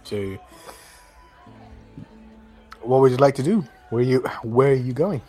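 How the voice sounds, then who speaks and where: A man's voice: medium pitch, lively intonation, a little slow, mellow, faint music behind. A man narrating a tabletop fantasy game as game master, rambling and full of fillers.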